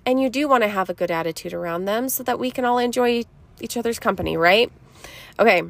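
A woman, a mother hosting her own podcast, giving gentle, reassuring self-help advice in a casual monologue and often checking in with her listeners. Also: on the high side, quick pace, gravelly.

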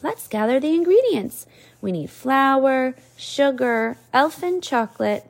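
A woman's voice: high voice, big pitch swings, unhurried, vocal fry, heavily acted. A woman reading aloud and voicing an eager young girl who exclaims her lines. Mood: excited.

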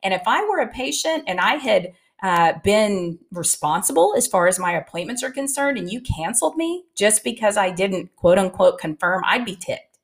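A woman's voice: mid-range voice, expressive, moderate pace. A middle-aged woman talking casually and candidly to practice teams, giving advice and telling stories with plenty of filler words.

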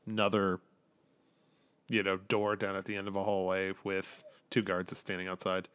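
A man's voice: low-pitched, monotone, normal speed, a bit bright, slight background noise. A young man as game master, narrating a tabletop game in a casual, rambling way full of fillers. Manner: casual, filler-heavy, describes scenes.

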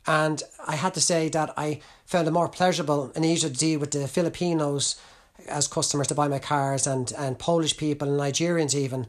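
A man's voice: fairly high pitch, steady tone, brisk. A middle-aged Irish man preaching a sermon, impassioned, his voice climbing fervently when he presses a point. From Ireland.

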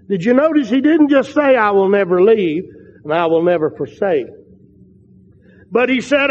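An older man preaching a sermon with fervent, drawn-out emphatic phrases. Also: high voice, lively intonation. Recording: dull lo-fi sound in a large reverberant hall.

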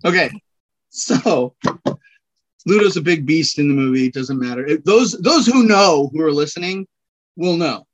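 A man's voice: fairly high pitch, expressive, normal speed, pauses often, dull audio. A man chatting as a podcast guest, rambling and joking, laughing at himself. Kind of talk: casual chat.

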